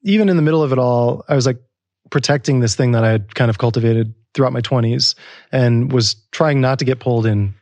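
A man in his forties talks through a long story as a podcast guest, circling back and restarting his sentences. His voice has a gravelly edge, and the sound is dry and close to the mic. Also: mid-range voice, fairly quick, a little mellow, no echo. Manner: rambling, self-interrupting, laughs often. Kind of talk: casual storytelling conversation.

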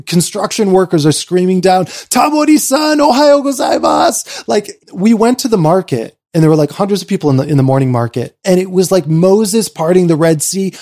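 A middle-aged man telling a lively story in a casual conversation, acting out quotes and saying "like" a lot. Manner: animated, acts out quotes in a high voice, many "like"s. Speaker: guest.

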